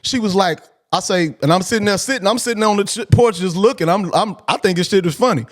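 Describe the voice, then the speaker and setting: High-voiced man telling a blunt story. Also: fast. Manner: profane, blunt and animated. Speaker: podcast host. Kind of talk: casual storytelling.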